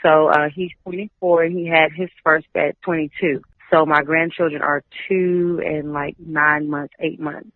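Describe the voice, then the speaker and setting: A woman in her forties from Texas, a Reiki practitioner, chatting in an upbeat, energetic way as an interview guest. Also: low voice, measured pace, few pauses, no room sound. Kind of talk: casual interview chat. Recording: dry tinny phone line.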